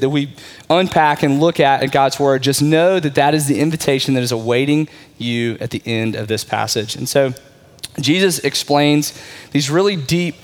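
A man giving a conversational sermon as a pastor, often checking in with his listeners. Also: medium pitch. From Texas.

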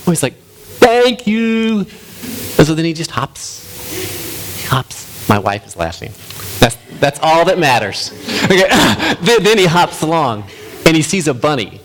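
Male pastor, folksy and self-deprecating, lively pitch, light tape hiss. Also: normal speed. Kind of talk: sermon.

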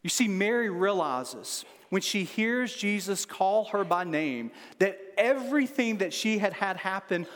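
A man's voice: sits high, lively intonation, unhurried, few pauses, a bit bright. A man in his forties, a pastor giving an earnest sermon that builds to fervent emphasis through repeated rhetorical questions. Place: large church room with long reverb. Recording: long echoey hall reverb.

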